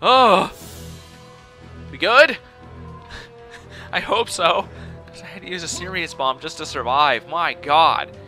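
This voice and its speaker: Young male let's-player, jumpy and exclaiming, a bit high-pitched. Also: slow pace, pauses often, faint music behind. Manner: excitable, exclaiming and panicking. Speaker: let's play gamer. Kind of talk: casual gameplay commentary.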